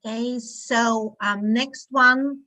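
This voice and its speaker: Slow, demonstrative woman teaching phonics. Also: fairly high pitch, fairly even intonation, bright, forceful tone, low-quality recording. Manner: slow, demonstrative, acts out sounds. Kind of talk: online teaching webinar. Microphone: video call.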